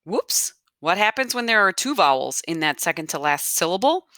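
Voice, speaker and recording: A woman's voice: lowish voice, sing-song, normal speed, bright, forceful tone, no room sound, clean studio sound. Patient woman teaching a grammar lesson. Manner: patient, repeats key points, checks in with "okay?". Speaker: Spanish teacher.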